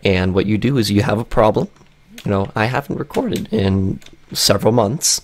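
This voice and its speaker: A man YouTuber with a raspy, cracking voice, rambling through a casual vlog while he plays a game, with lots of fillers and restarts. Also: on the low side, animated, unhurried. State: raspy, voice cracking after a long break.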